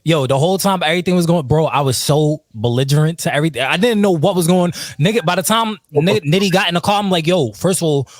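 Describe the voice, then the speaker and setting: A man's voice: a little high, fast, hardly any pauses, no echo, clean studio sound. A man telling rowdy stories in casual chat, laughing often and acting out what his friends said. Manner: laughing, quotes friends in retold dialogue. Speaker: podcast guest telling stories. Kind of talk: casual storytelling, profane and animated.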